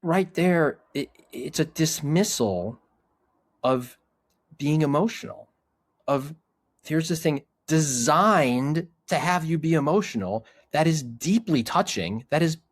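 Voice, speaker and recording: A man's voice: a little high, expressive, slow, dry recording. A middle-aged man and podcast guest who speaks earnestly and reflectively about his men's groups, often restarting his sentences. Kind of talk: casual conversation.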